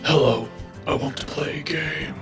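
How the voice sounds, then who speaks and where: A man voicing a sinister, taunting male killer who speaks in a slow, menacing, gravelly half-whisper. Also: natural voice. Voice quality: gravelly low rasp. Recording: distant echoey voice under loud music.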